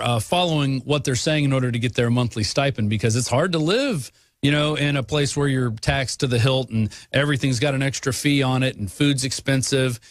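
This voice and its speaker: A man hosting a political talk radio show, arguing his points with quick asides and frequent fillers. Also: mid-range voice.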